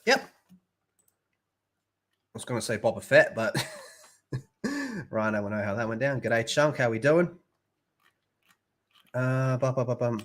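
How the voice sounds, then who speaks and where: A man's voice: medium pitch, sing-song, measured pace, long pauses, a bit bright. A young man with an Australian accent, chatting crudely and swearing a lot on a live stream, laughing often. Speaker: streamer reviewing a TV show. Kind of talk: casual live-stream chat.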